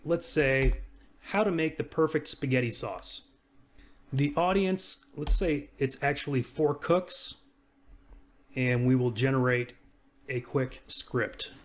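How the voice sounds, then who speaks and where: Brief: everyday male reviewer, mid-pitched, easygoing screen-demo narration. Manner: casual, talks through each click. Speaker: software reviewer. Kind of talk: screen-recorded software walkthrough.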